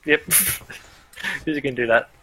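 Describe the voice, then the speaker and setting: A man's voice: medium pitch, slow, bright, forceful tone, low-quality recording. A man narrating as game master in a tabletop role-playing game, easygoing and chatty, laughing often.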